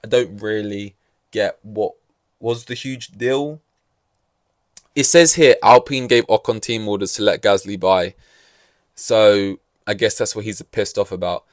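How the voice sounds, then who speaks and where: Man, young adult, podcast host, low voice, dry sound, sarcastic, sweary casual rant. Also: fairly even intonation, normal speed, dry recording. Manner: ranting, sarcastic, swears freely. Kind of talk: casual solo podcast commentary.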